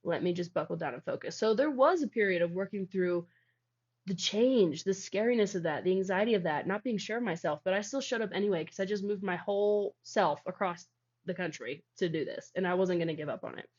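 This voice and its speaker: Here a young woman speaks a bit quickly in a medium-pitched voice with a darker tone. Appearing as an interview guest who founded a healing practice, she wanders casually through a personal story, saying "like" constantly. The recording sounds dull and lo-fi.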